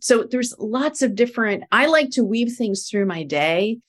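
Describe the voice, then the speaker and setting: A middle-aged woman, a spiritual life coach, explaining ideas calmly in a casual podcast conversation. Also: on the high side, measured pace, a little hiss or hum.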